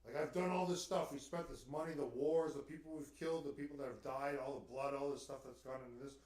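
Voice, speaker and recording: A man's voice: medium pitch, moderate pace, close to an everyday voice. A man acting out a frustrated, indignant pope in a spoken anecdote. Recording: roomy, distant mic.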